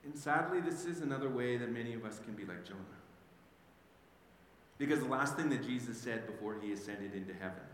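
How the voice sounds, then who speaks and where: A male pastor preaching a sermon, telling the story with animated restarts and acting out the figures. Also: medium pitch, brisk. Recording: very echoey hall, faint background noise.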